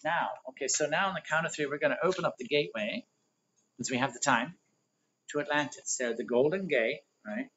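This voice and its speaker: A man's voice: on the high side, brisk, fairly bright tone, slight background noise. A man teaching a livestreamed spiritual workshop, rambling and conversational while he explains diagrams. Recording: dull lo-fi livestream audio.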